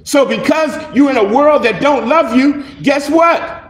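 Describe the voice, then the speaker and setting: A male pastor preaching a sermon in an animated, conversational way, acting out little dialogues. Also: very high voice, unhurried, reverberant. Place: church.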